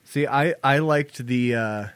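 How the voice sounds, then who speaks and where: A young man co-hosting a podcast in easy chat, medium-pitched. He jokes and laughs a lot and slips into the voices of people he quotes. The sound is close and dry, with no room echo. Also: takes it slowly, a bit bright, clear, resonant tone. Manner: jokey, laughs often, acts out quotes. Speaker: podcast co-host. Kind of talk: casual chat.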